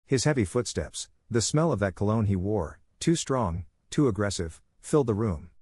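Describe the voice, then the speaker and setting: Husky low-voiced man narrating a story. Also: lively intonation, normal speed, a little mellow, no echo, studio quality. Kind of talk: scripted first-person story narration.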